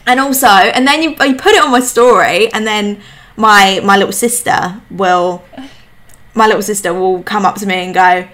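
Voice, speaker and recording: A woman's voice: mid-range voice, normal speed, a bit bright. A woman with a slight lisp, hosting a casual podcast chat from home and talking in an emphatic, chatty way. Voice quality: lispy. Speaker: podcast host.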